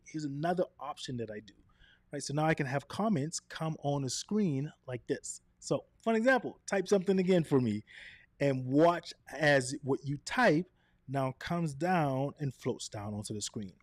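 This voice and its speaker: An energetic man leads a live online workshop, his voice sitting a little high and swinging up and down on purpose. He is direct and quick, checking in with his viewers often. The sound is dry and close, with no room around it. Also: no room sound. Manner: direct, often asks "right?" and "okay?". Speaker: presenter of a live video workshop. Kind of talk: live online coaching session.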